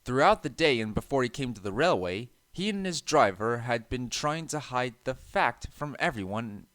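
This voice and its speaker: A young man calmly narrating a storybook, with a soft and even delivery and occasional small restarts. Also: mid-range voice, normal speed, no room sound.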